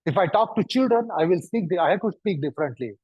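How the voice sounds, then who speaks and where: Man, lecturing, deliberate and repetitive, slightly high voice, dull dry recording. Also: lively intonation, breathy edge, no echo. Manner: deliberate, repeats and stacks synonyms for emphasis. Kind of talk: lecture to an audience.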